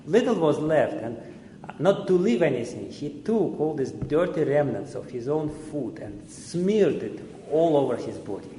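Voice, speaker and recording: A man's voice: fairly high pitch, sing-song, measured pace, mellow, slight background noise. A man teaching a seminar, telling a story in a conversational, often chuckling way. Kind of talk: storytelling lecture. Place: lecture hall. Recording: echoey hall.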